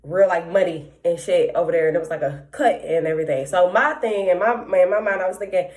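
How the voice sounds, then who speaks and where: A young woman hosting a podcast, telling a long story in a rambling, profane, animated way with heavy slang. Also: on the low side, fast, few pauses. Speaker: podcast host. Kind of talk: casual storytelling monologue.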